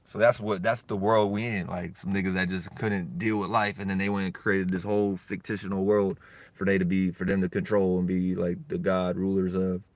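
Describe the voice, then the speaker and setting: A man, ranting in a rambling solo monologue, profane and heated, swinging between loud bursts and low mutters. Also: level tone, normal speed, no echo. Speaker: monologuing creator.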